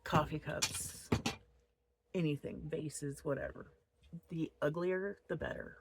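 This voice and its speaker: A woman's voice: low-pitched, slow pace, gravelly. A woman in her thirties chatting casually to camera from her home office, rambling and openly upset. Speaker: crochet vlogger.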